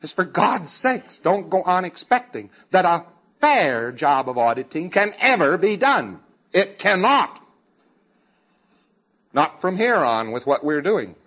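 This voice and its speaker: A man's voice: high-pitched, sing-song, measured pace, a bit bright, lo-fi sound. A man giving an emphatic lecture to a congress audience, with wry, sarcastic asides.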